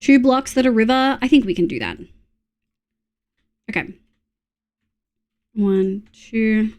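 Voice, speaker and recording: A young Australian woman talks her way through a game on a live stream, half to her viewers and half to herself. Her voice sits a little high, and she swears freely whenever something goes wrong. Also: expressive, slow pace, darkish tone. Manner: chatty, muttering to herself, swears when annoyed. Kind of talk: casual live-stream chat while gaming.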